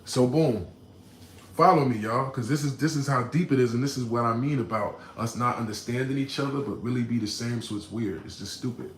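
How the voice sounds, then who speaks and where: A man streaming to his chat and telling a story in an animated, slangy way, often tossing in "right?". His voice sits in the middle of the male range. The room sounds echoey, with a faint ambience behind him. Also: mid-range voice, fairly quick, a little hiss or hum. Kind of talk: casual storytelling to a live chat.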